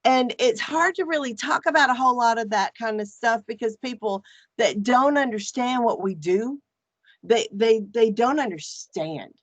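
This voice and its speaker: Animated outspoken woman, dry sound. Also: on the high side, normal speed, no echo. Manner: animated, frank, swears casually. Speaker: podcast guest, archpriestess. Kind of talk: casual chat.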